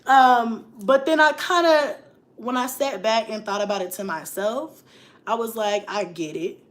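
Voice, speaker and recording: A woman's voice: fairly high pitch, measured pace. A woman in her thirties talking frankly and emotionally to livestream viewers, often laughing and reading comments. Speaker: mom vlogger on a livestream. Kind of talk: candid livestream chat.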